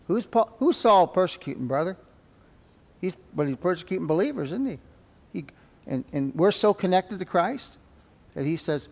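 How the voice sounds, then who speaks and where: A pastor preaching a dramatic sermon, swinging between loud exclamations and soft asides. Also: male voice, a little high, expressive, normal speed. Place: church sanctuary. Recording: long church reverb.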